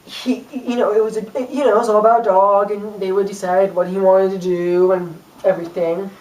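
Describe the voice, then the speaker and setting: A woman's voice: medium pitch, little pitch movement, a little fast, a little mellow, recorded from a distance. Rambling young woman, echoey room. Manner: rambling, chatty, full of fillers and jokes. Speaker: YouTube vlogger. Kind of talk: casual talk to camera about a book. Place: room, filmed by a camera person.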